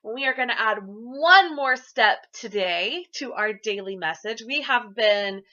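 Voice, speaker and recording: A woman teacher giving an early-grade classroom lesson to camera, sing-song and encouraging, speaking slowly for young children. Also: on the high side, animated, pushed and bright, muffled recording.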